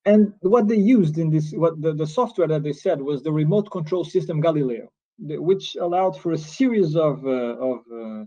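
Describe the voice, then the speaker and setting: A man with a Portuguese accent delivers an earnest conference lecture, thinking aloud as he explains. His voice sits a little high but sounds mellow and dark in tone. The recording is dull and lo-fi. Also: normal speed. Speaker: lecturer on cybercrime law.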